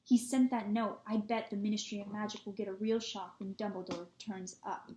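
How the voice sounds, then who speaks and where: A woman's voice: mid-range voice, fairly even intonation, moderate pace, warm tone, dull audio, slight background noise, natural voice. A woman voicing a determined, defiant boy wizard in a storybook reading, speaking urgently and insistently, in an echoey room.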